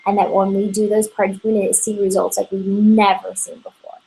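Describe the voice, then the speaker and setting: A woman's voice: mid-range voice, level tone, brisk, gravelly, warm tone, breathy edge, low-quality recording. A woman giving an upbeat, chatty motivational training talk to her sales team, often checking in with "okay?".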